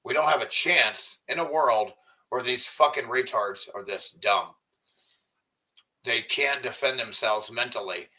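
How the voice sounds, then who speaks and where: A man's voice: mid-range voice, a little slow, pushed and bright. A man livestreaming from home, ranting angrily and swearing a lot as he chats with viewers. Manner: angry, profane ranting. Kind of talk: livestream rant and chat.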